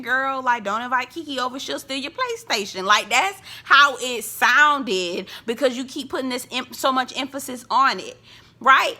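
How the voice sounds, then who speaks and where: A woman's voice: sits high, bright, forceful tone. A woman recapping a reality TV episode, sassy and gossipy, with frequent laughs. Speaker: TV reviewer. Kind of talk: casual reality-show recap.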